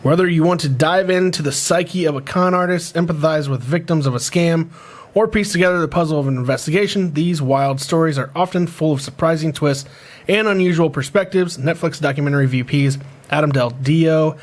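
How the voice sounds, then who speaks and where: A man's voice: on the high side, brisk. A man hosting a casual podcast, reading out news items and stumbling over names. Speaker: podcast host.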